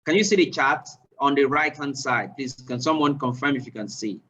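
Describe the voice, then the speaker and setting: A man runs a live online training session, firing the same question at his listeners again and again. His mid-range voice jumps higher when he gets excited. The sound is dull and lo-fi, like audio from an online call. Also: normal speed, distant mic, slight background noise. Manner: quizzes listeners with repeated questions; animated, rising pitch when excited.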